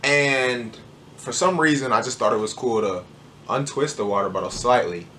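A man telling a personal story to camera in a casual, animated, joking way. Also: medium pitch, normal speed, slight background noise. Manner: animated, joking, acts out moments. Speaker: vlogger.

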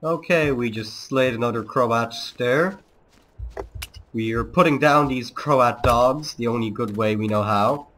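A man's voice: mid-range voice, unhurried, noisy background. Man doing a put-on Serbian accent. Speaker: let's play host. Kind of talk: gameplay commentary.

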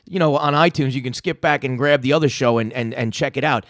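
A man's voice: medium pitch, fast talker, dry recording, studio quality. A man hosting a podcast, rambling casually and swearing between stories. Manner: rambling, profane, laid-back. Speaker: podcast host. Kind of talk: casual monologue.

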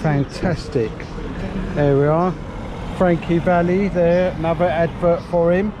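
The speaker is a man whose voice sits a little high, with fairly even intonation and a measured pace. Camera in hand on a resort street outdoors, he gives a chatty, upbeat walking tour, often addressing viewers as "guys," and clear traffic noise runs behind him.

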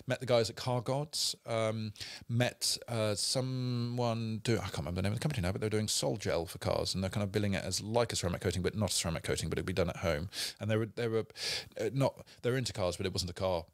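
Low-voiced English man telling rambling anecdotes. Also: fast, few pauses, no echo. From England. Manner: rambling anecdotes with dry self-deprecating humour. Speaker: podcast co-host. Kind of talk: casual chat, storytelling. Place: studio. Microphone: studio microphone.

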